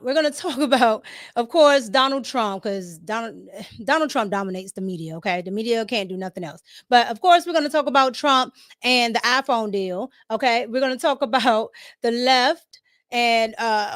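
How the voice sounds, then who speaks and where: A woman's voice: on the high side, fairly bright tone. A woman with a Washington D.C. accent hosting a live podcast, chatting casually, greeting viewers by name and laughing often. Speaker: podcast host. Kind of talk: casual livestream chat.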